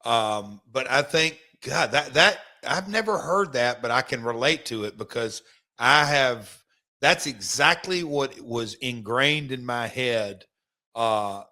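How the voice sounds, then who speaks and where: Middle-aged male podcast host, bright edge, emphatic rambling storyteller. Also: medium pitch, slow. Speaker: podcast host, former wrestler. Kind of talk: casual podcast chat.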